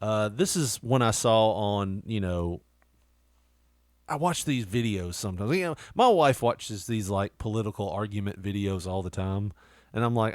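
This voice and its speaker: A man's voice: lowish voice, lively intonation, moderate pace, darkish tone, no room sound, clean studio sound. A man co-hosting a podcast in casual, profane banter, laughing often. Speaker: co-host.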